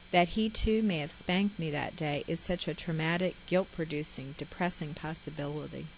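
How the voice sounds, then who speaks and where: A woman reading her own memoir aloud in a measured, reflective way. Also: low voice, slight background noise, poor audio. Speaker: memoir author.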